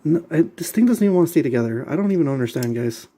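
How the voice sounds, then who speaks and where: A man's voice: on the high side, expressive, racing, warm tone. A man vlogging while he assembles a model kit, talking to himself and his viewers in an exasperated, muttering way and repeating himself often. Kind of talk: casual talk while assembling.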